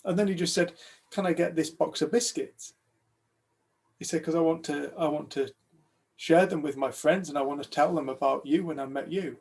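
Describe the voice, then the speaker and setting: Animated British male storyteller, gravelly voice, acts out the dialogue. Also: on the high side, moderate pace. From United Kingdom. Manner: animated storyteller, acts out other people's lines. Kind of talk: telling a personal story to a group.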